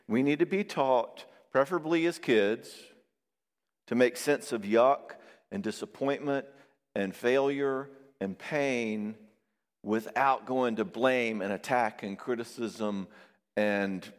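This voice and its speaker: Animated man preaching in a reverberant hall. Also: mid-range voice. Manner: animated, acts out quoted voices. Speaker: pastor and therapist. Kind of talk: sermon.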